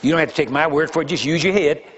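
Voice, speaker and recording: A man's voice: fairly high pitch, rapid-fire, a bit bright, slight background noise. An older man preaching as a pastor, talking conversationally and throwing rhetorical questions at the congregation. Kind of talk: sermon. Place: large church hall. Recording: dull lo-fi sermon recording with long hall reverb.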